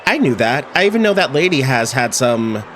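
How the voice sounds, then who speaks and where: A man's voice: medium pitch, sing-song, brisk, fairly bright tone, slight background noise. Casting: sly, polished journalist, read by a man, theatrical and teasing. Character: smooth, sly investigative journalist.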